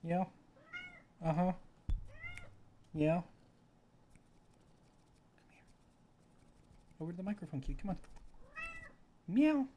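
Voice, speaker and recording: A man's voice: a little high, fairly even intonation, slow, pauses often, dark tone, slight background noise. A man at home chatting to his cat by a desk microphone, coaxing and cooing at her in casual pet talk with offhand mutters. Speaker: streamer talking to his cat.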